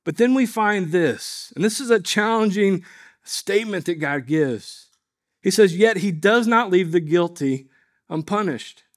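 High-voiced male pastor preaching. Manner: earnest, measured preaching with rhetorical questions. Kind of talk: sermon.

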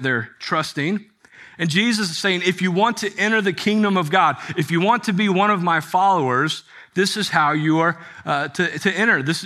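Bright-voiced male pastor preaching. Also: a little high. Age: adult with children. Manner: conversational preaching with rhetorical questions. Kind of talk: sermon.

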